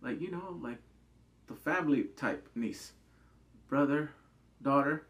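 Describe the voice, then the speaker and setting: Speaking a little slowly in a slightly high voice, a man casually reviews a drama on his own channel. Animated and chatty, he peppers his talk with "like" and plays out scenes in put-on voices.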